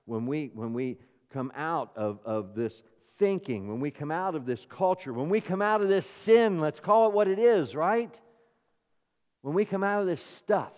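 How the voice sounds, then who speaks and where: A pastor preaches a sermon, his voice sitting a little high for a man. He pushes hard on key phrases, then falls back to quieter, confiding asides. A long hall reverb trails behind every line. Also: lo-fi sound. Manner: emphatic preaching with rising and falling intensity.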